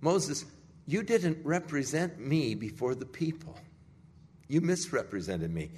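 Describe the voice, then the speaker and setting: A man's voice: fairly high pitch, lively intonation, a little slow, darkish tone, husky, voice pushed up. A man voicing a stern but fatherly divine figure who speaks in a firm, reproachful way, in a sermon retelling. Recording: echoey hall.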